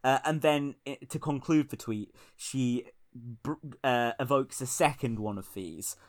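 A man's voice: mid-range voice, measured pace. A man co-hosting a casual political podcast, wry and rambling, often laughing at his own jokes. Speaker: podcast co-host.

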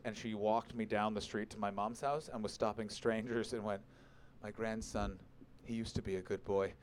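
A man doing stand-up, bantering with the crowd and telling a profane story in a brash, quick manner on a club stage mic. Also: on the low side, slight background noise.

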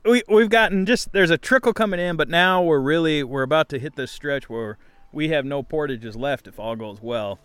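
A man's voice: a little high, moderate pace, a bit bright, smooth, dry recording. A man co-hosting a trip podcast outdoors by a river, talking in a laid-back way with dry, wry humor. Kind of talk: casual chat on a canoe trip.

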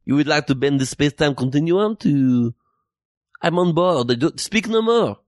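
A man's voice: on the high side, animated, dry recording, clean studio sound, natural voice. A man voicing a bumbling male French official on a phone call, with an exaggerated put-on French accent. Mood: eager. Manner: exaggerated comic accent, halting.

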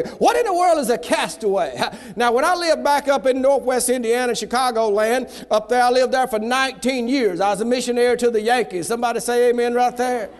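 A man from the American South preaching a fiery revival sermon in a folksy manner, swinging between shouts and hushed asides, in a church. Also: extremely high pitch, a little fast. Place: church sanctuary. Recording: long reverb of a large hall.

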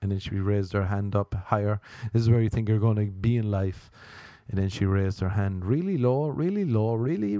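A man with a lowish voice tells crude stories in a deadpan stand-up style, slipping into the voices of the people he quotes. The sound is dry and close, with no room echo. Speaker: comedian. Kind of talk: stand-up storytelling.

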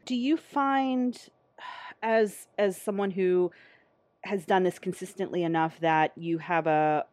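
A woman hosts a casual interview, gushing with enthusiasm and laughing often. Her voice sits on the low side and is recorded dry, with no room sound. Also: steady tone, takes it slowly, darkish tone, no echo.

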